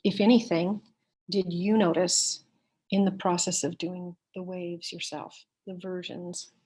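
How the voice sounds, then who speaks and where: A woman presenting a workshop, calmly leading listeners step by step through a body-awareness exercise with pauses. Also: on the low side. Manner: calm, step-by-step instructions with pauses.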